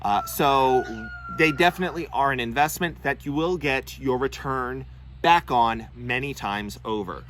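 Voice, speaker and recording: A man's voice: medium pitch, unhurried, fairly bright tone. A young man hosting an instructional vlog on parrot keeping, explaining earnestly with frequent "uh" fillers. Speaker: bird-keeping video host.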